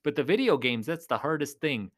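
Male vlog host in clown persona; a touch higher-pitched, loose and rambling. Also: very animated, fairly quick. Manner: chatty, rambling, talks to viewers as "you guys". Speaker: clown character host of a collecting show. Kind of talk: casual rambling vlog chat.

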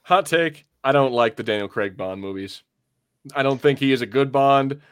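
An American man co-hosting a casual podcast, talking in loose rambling runs that keep doubling back on themselves. His voice sits at an ordinary pitch and sounds dry and close, with no room echo. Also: moderate pace, fairly bright tone, clear, resonant tone. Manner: rambling, self-correcting, laughs often. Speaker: podcast co-host. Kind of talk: casual chat.

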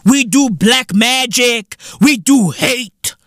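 A South African man hosting a comedic podcast, ranting with profane, mocking energy and sudden jumps up into high exclaims. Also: slow, very noisy. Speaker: podcast host.

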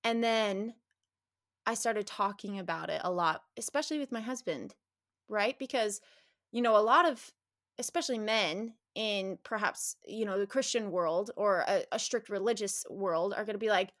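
A woman speaking as an interview guest, animated and candid, often restarting sentences and laughing as she talks. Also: mid-range voice, normal speed, no room sound, studio quality.

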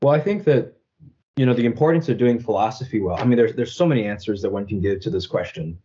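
A fast-talking young man with a fairly low, warm voice speaks thoughtfully and earnestly as a Catholic apologist in a reflective interview. He often says "you know" and "right?", and the sound is lo-fi.

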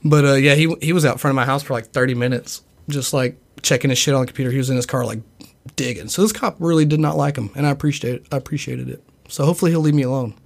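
A man's voice: mid-range voice, fast, gravelly. A young man in casual podcast chat, telling a long, profane, rambling story and acting out other people's lines. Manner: acts out other people's voices in quotes.

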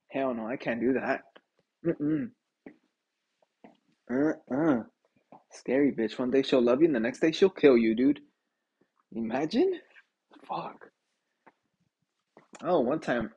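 On a casual solo podcast, the young host rants in a husky voice with lively pitch. He's animated throughout, cursing, laughing frequently, and calling out "dude" again and again.

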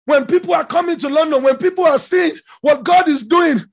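A man preaching a sermon with passion, often shouting. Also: extremely high pitch, brisk. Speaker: pastor.

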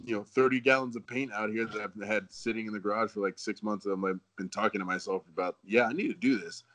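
A man in his forties speaks with a fairly low voice in an easygoing way. He tells stories and often breaks into chuckles as a relaxed podcast guest. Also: fast. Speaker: guest, former football player. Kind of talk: casual podcast chat.

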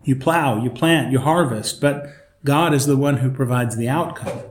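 A man's voice: medium pitch, moderate pace. A man leading a Bible study, reading a devotion, praying and teaching in a conversational way. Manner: conversational, with fillers. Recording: roomy echo, faint noise.

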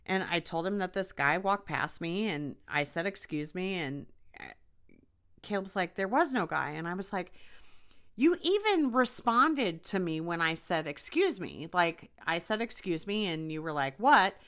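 A woman's voice: on the low side, measured pace. A young woman hosting a podcast, telling a personal ghost story in a chatty way with many fillers. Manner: chatty, animated retelling with frequent fillers. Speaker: podcast host. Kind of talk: casual storytelling.

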